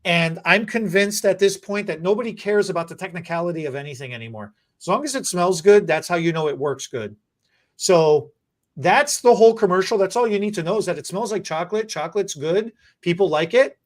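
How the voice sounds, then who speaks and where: A podcast host in casual chat, joking and rambling, often restarting sentences. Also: brisk. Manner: animated, joking, rambling with restarts and repeated words; mock infomercial pitch. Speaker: podcast host and stylist educator.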